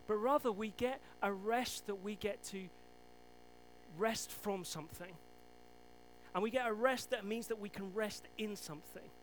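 A man preaching a sermon, retelling Bible stories in an animated way with self-deprecating asides. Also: high-pitched, measured pace, faint music behind, rough recording.

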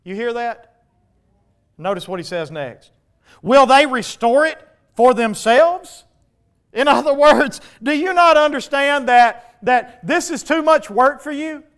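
A man's voice: very high-pitched, expressive, measured pace, fairly bright tone, clean tone. A man preaching a sermon as pastor, emphatic and driving points home with repeated rhetorical questions.

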